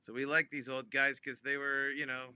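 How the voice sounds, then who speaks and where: A comedian, a man, telling a funny phone-call story in an animated way, with many ums and restarts, acting out both sides. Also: mid-range voice, moderate pace, clear, resonant tone, no echo. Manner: acts out both sides of phone calls with big voice jumps. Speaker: comedian guest.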